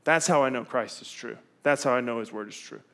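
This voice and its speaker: A middle-aged man, preaching a sermon in a candid, conversational way that swings from loud to hushed. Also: medium pitch, fairly quick. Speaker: pastor.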